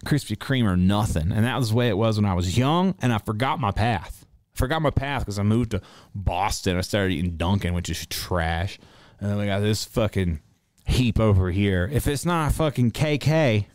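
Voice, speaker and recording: A man in his thirties from North Carolina, chatting casually with his audience and ranting in profane, animated bursts. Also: fairly low pitch, clean tone, no room sound. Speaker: streamer answering chat. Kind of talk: casual rambling chat.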